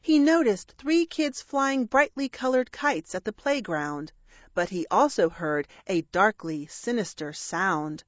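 Woman reading a rhyming kids story really slowly, dry dull recording. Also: on the high side, no echo. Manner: measured, expressive rhyming delivery. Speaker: narrator. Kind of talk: rhyming storybook read-aloud.

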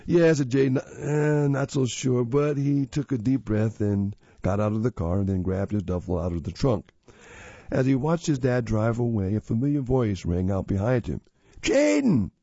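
A man narrating a children's story in a steady, expressive reading voice. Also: lowish voice, moderate pace, no room sound. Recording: slightly dull lo-fi audio.

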